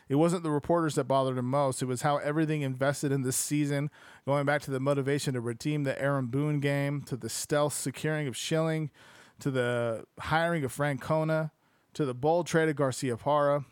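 A man reading a sports book aloud, breaking off into excitable, profane, slangy asides. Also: mid-range voice, dry recording.

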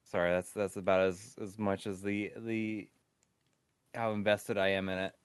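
Deep-ish male co-host, dry close sound, goofy and offhand. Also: flat delivery, normal speed, smooth, dry recording. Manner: playful, jokey, makes silly sound effects. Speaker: co-host of a gaming stream. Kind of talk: casual live-stream chat.

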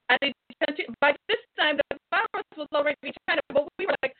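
A middle-aged woman hosting a radio sermon. She preaches fervently and swings from loud to hushed. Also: high voice, expressive, fast talker, few pauses, slight background noise. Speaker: host and preacher. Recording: tinny phone-line sound.

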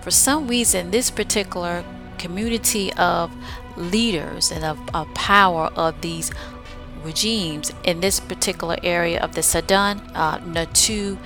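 A woman's voice: on the low side, a little slow, over music. A woman hosting a podcast, recapping her own short stories in a chatty, enthusiastic way with frequent asides to the listener. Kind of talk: casual recap.

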